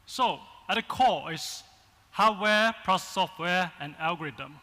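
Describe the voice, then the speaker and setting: A man with a Chinese accent gives a keynote in a large conference hall, speaking in short, halting phrases. His voice is high and bright, and the long hall reverb trails each phrase. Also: lively intonation. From China. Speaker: agency founder, keynote speaker.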